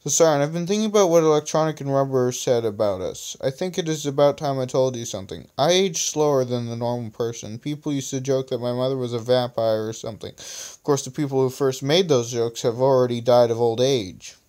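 A man voicing a shy, nervous suitor who talks in a hesitant, halting way. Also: mid-range voice, darkish tone, close to an everyday voice.

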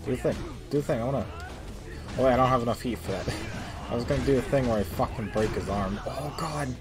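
A man's voice: medium pitch, quick pace, music in the background. Profane, joking man playing a game. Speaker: gameplay commentator. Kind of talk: casual let's play commentary.

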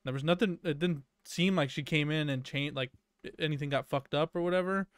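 A man's voice: fairly high pitch, a little fast, clear, resonant tone, no echo, studio quality. A young man casually telling a long workplace story on a podcast, full of fillers and swearing. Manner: rambling anecdote with many fillers and profanity. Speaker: podcast co-host.

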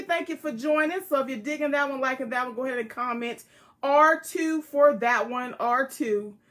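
This woman has a high, fairly bright voice. She hosts a live jewelry sale on a tablet, chatting in a folksy, friendly way and greeting viewers by name in casual live-stream selling talk.

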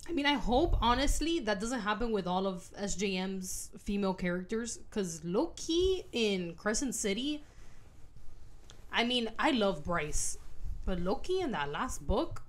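A young woman at a medium pitch co-hosts a casual podcast chat. She sounds laid-back and slangy, and she swears freely. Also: big pitch swings, a little slow. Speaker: podcast co-host.

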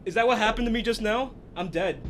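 A man gives let's play commentary over his own game. He gets excited easily, swears freely and bursts out loudly. His voice is fairly high for a man, with a faint rumbling noise underneath. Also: fast talker. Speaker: gaming video creator.

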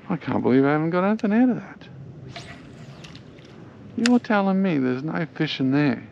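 An Australian man giving excitable, chatty commentary while fishing from a small boat on a creek, talking to the fish he catches. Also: mid-range voice, brisk, creaky, long pauses, lo-fi sound, very noisy. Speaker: angler filming his own fishing trip. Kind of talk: casual fishing vlog commentary.

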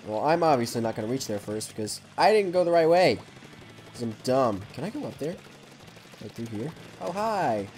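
A man hosting a gaming channel, giving hyper, excitable let's play commentary and yelling at opponents. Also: mid-range voice, fairly quick, slight background noise.

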